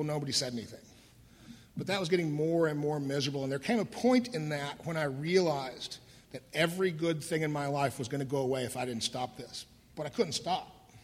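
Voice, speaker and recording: A middle-aged man candidly telling his own recovery story, wry and laughing through the dark parts. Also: on the high side. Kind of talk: personal storytelling talk. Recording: voice in a hall with long reverb.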